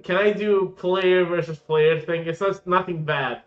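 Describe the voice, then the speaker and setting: A man's voice: sits high, fairly even intonation, a little slow. Playful male player, muffled mic. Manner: playful, repeats himself eagerly. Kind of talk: casual play chat.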